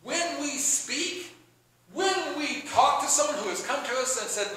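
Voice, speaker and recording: A man preaching a sermon in an animated, excitable way, often acting out both sides of a conversation. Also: extremely high pitch, measured pace, very echoey, slight background noise, low-quality recording. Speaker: pastor.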